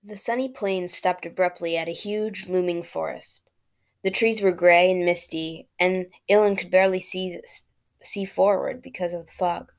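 A woman reading a fairy tale aloud as a storyteller, plain and steady, with small slips and restarts. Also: fairly low pitch, moderate pace.

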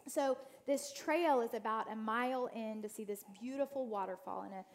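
A woman's voice: fairly high pitch, moderate pace, slight background noise. A woman giving an inspirational church talk as a guest speaker, telling family stories and speaking straight to her listeners. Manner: storytelling, addresses the audience directly; acts out quoted family voices.

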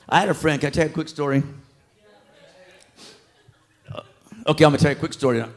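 A man preaching a sermon in a church, animated and acting out street talk. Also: a little high, fast, long pauses.

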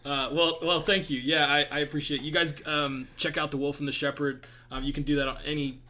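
A man's voice: on the high side, level tone, fairly quick, pushed and bright. A man hosting a podcast, talking earnestly and reflectively with frequent laughs. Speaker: podcast host. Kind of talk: casual podcast conversation.

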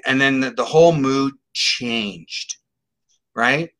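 A man's voice: mid-range voice, slow pace. A middle-aged man speaking as an interview guest, telling a case story in a casual, emphatic way and acting out what others said. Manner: animated, emphatic, acts out quotes.

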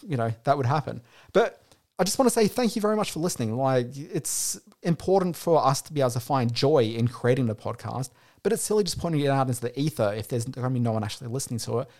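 A man's voice: mid-range voice, darkish tone. A man hosting a podcast, talking in a chatty, rambling, heartfelt way, with faint music behind. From Australia. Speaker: podcast host. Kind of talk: casual podcast monologue.

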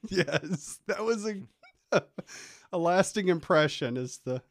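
A man's voice: sits high, takes it slowly, no room sound. A man co-hosting a podcast, telling funny family stories in casual chat and laughing often as he talks. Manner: laughs a lot while telling animated stories. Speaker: podcast co-host.

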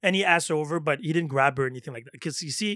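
A middle-aged man in casual chat, telling an animated story, laughing often and swearing freely. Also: fairly high pitch, very fast, no echo, clean studio sound. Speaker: storytelling guest.

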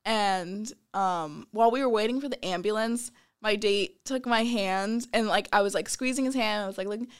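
A young woman with a clear, resonant, medium-pitched voice tells a story at a moderate pace. Casual and animated, she laughs often and acts out people's lines.

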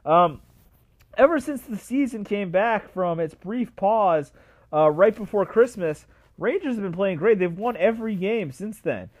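A young man hosting a solo sports podcast, ranting with animated repetition and frequent fillers. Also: high-pitched, a little slow. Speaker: podcast host.

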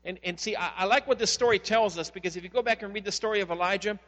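A high-voiced male pastor preaches a sermon, telling stories and swinging from loud, stressed phrases to hushed ones. His voice rings through a long hall reverb over a faint mains hum. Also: fast.

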